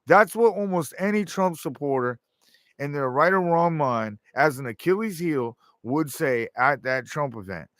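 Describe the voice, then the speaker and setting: A man's voice: a little high, expressive, unhurried, fairly bright tone, no echo, clean studio sound. A man delivering a rambling, profane monologue, often acting out quoted voices. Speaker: show host.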